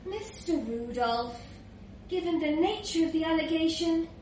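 A woman reading a comic story aloud in a dry, measured lawyerly manner. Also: very high voice, expressive, darkish tone. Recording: echoey room, distant mic, faint hiss.

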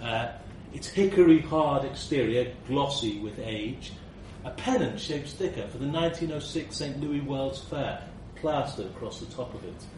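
Slow wry guy reading his story, voice all over the place, echoey room, mic kinda far. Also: medium pitch, noisy background. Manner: wry, slow, expressive delivery with profanity. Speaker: narrator. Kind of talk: first-person story reading.

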